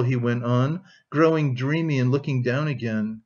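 A man narrating an audiobook of a classic novel in steady, even scripted storytelling. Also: mid-range voice, normal speed, hardly any pauses, dull audio.

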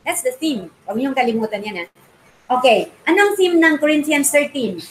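High-voiced Filipino woman teaching. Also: fairly quick, slight background noise, poor audio. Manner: quizzes the class with frequent questions; animated, mixes English and Tagalog. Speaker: Bible study teacher. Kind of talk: Bible study class.

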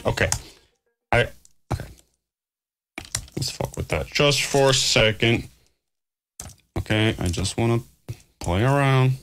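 A man's voice: mid-range voice, animated, slow pace, pauses often. A man producing music on a livestream, talking to himself in a scattered way, swearing and mocking himself. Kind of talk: casual livestream talk while working.

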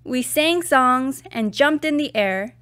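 A woman reading a children's picture book aloud, telling the story in an expressive, clear way. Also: high-pitched, slow.

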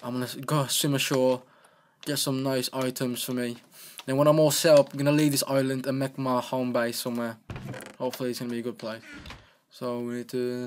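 Male let's play gamer, mid pitch, rambling playful commentary, faint keyboard noise. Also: flat delivery, a little fast. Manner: rambling, playful, talks to himself. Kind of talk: casual gameplay commentary.

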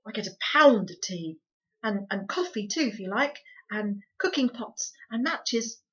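A woman's voice: fairly high pitch, animated, unhurried. A woman voicing an eager young boy who stammers over his words, in a storybook reading. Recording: dull lo-fi recording.

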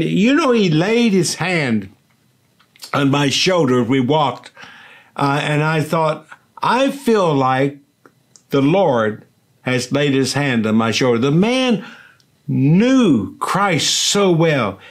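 An older male pastor delivers a sermon at an unhurried, deliberate pace. His voice sits a little high for a man, and he speaks in an earnest, repetitive way, checking in with his listeners. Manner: slow, earnest, repeats "see" and "does that make sense".

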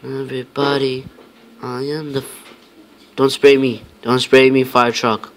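A man's voice: mid-range voice, little pitch movement, measured pace, fairly bright tone, a little hiss or hum. A man giving casual, rambling commentary over his own gameplay, talking to himself with many fillers and mock-tough lines.

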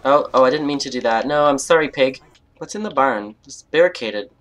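Playful Canadian woman with a lively voice. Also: a bass voice, fairly quick. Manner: playful and chatty, mock outrage, jokey asides. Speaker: let's play host. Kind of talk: gameplay commentary, reading quest text aloud.

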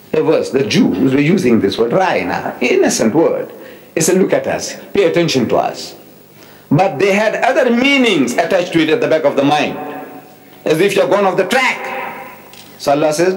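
A man in his seventies giving a public religious lecture, emphatic and animated, with wry asides. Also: a little high, poor audio. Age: 70s. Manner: recites Arabic verses quickly, then explains them. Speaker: Islamic lecturer.

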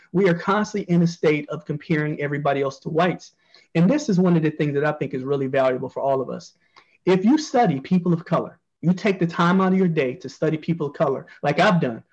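A man's voice: fairly high pitch, husky, highs cut off. An American man, a journalist speaking as a panel guest, earnestly answering and repeating phrases for emphasis. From United States.

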